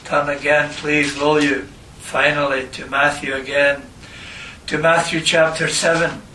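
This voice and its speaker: A man preaching a sermon and reading scripture, slow and emphatic, repeating phrases for stress. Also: on the high side, level tone, sharp tone, a little hiss or hum. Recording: echoey room, voice from a distance.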